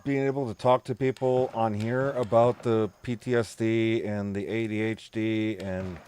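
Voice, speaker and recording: A man's voice: on the low side, fairly even intonation, normal speed, darkish tone, a little hiss or hum. A man streaming a game and chatting casually with viewers, rambling, laughing often and swearing freely. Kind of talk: casual live-stream chat.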